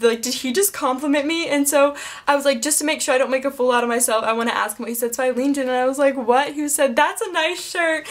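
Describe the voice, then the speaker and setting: A woman vlogger telling an excited storytime, gushing and emotional, close to tears, packed with "like.". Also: fairly high pitch. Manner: gushing and breathless, heavy use of "like". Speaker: beauty vlogger.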